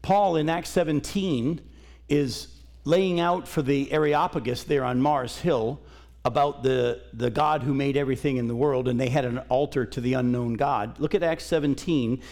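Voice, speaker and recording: A man's voice: mid-range voice, moderate pace, a little mellow. A middle-aged man, a pastor, teaching from scripture in a folksy, conversational sermon in a church. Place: church sanctuary.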